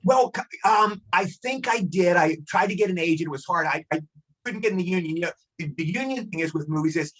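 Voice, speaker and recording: Fast-talking husky older man. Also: high-pitched, animated, a bit bright. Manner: rambling anecdotes, repeats himself. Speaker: guest actor. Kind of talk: casual storytelling interview.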